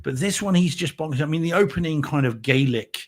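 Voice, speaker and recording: A man's voice: on the high side, animated, brisk. A man co-hosting a podcast, chatting casually about films in a rambling, emphatic way that keeps restarting. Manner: rambling, self-correcting, emphatic. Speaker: podcast co-host. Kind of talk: casual film review chat.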